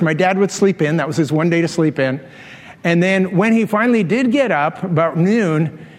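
A middle-aged man preaching a sermon as a pastor, telling a story with humorous asides and laughing at his own jokes. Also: sits high. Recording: long hall reverb.

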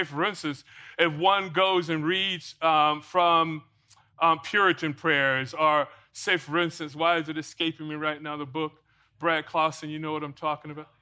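Bright-voiced man preaching. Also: a little high. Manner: rhetorical questions to the congregation. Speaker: pastor. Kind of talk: sermon.

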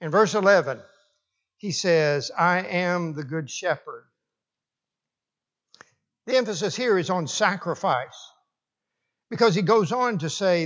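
A man preaching a sermon, slow and deliberate, often restarting his phrases for emphasis. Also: a little high, expressive, a bit bright, highs cut off.

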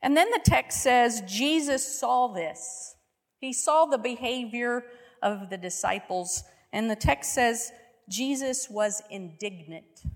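A woman's voice: a little high, takes it slowly, long reverb tail. A woman preaching a sermon, telling a story vividly and often asking her listeners rhetorical questions.

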